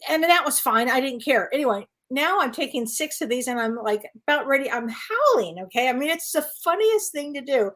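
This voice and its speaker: Animated high-voiced woman storyteller. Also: a little fast, few pauses. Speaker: co-host, psychic medium. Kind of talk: casual storytelling chat.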